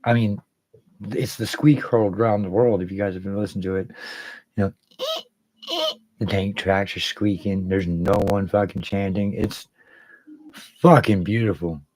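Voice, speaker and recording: Low-voiced swearing livestream guy. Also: steady tone, normal speed, pauses often, darkish tone, poor audio. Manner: rambling, profane, greets viewers by name. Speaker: livestream host. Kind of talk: casual livestream chat.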